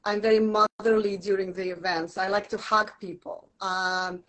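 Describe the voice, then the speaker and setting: A woman's voice: medium pitch, little pitch movement, moderate pace, few pauses, rough recording. A woman speaking as a Reiki teacher and guest in casual, earnest conversation from her home studio. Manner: warm, earnest, softly emphatic. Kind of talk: casual interview chat.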